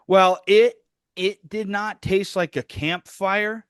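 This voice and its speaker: A man's voice: high voice, steady tone, takes it slowly, fairly bright tone, smooth, no room sound, clean studio sound. A man co-hosting a casual podcast, rambling and laughing at himself as he talks about a beer. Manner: rambling, self-mocking, laughs often. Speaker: podcast co-host. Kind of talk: casual chat.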